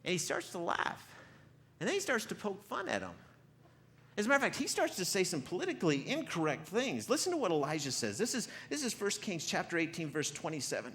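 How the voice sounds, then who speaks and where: A male pastor preaching a sermon, retelling a story with lively acted-out quotes and frequent repeated words. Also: high voice, brisk, slight background noise. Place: church.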